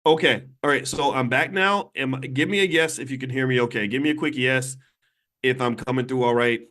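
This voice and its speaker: A man's voice: medium pitch, brisk, pushed and bright. A man hosting a livestream from a hotel room on his phone, talking emphatically and preachily straight to his viewers. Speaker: financial commentator and channel host.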